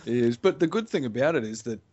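Man, casual game chat, animated storytelling, mid pitch, dull lo-fi sound. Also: fast. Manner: animated storyteller, laughs and swears often. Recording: dull lo-fi recording.

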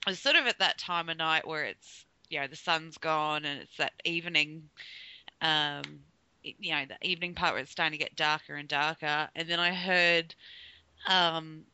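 A speaker in casual chat about a video game, relaxed and hesitant with many fillers. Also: mid-range voice, moderate pace, smooth, dry recording. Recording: dry dull lo-fi recording.

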